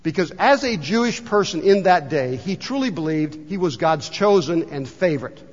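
A pastor gives a sermon, a man with a somewhat high voice who tells stories and reads passages in an unhurried way. His words ring out with a long reverb in the sanctuary. The recording is dull and lo-fi. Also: animated. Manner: storytelling, reads book passages aloud slowly. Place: church sanctuary.

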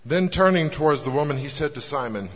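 A man reading a scripture passage aloud in a measured, solemn way. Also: on the high side, expressive. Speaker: scripture reader. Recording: dull, long reverb in a hall.

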